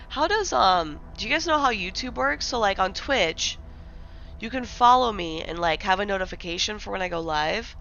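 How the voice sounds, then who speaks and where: With slight background noise on a somewhat muffled, dull home-mic recording, a young livestreamer from the American Midwest rambles to her viewers. Her mid-range voice is bright and sharp yet gravelly, and her casual talk is crowded with fillers, "likes," restarts, and unfinished thoughts.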